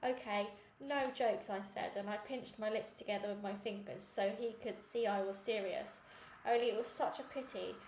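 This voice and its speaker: A woman reading a children's novel aloud in a lively storytelling manner. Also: medium pitch, normal speed, reverberant, slight background noise, poor audio. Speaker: reader.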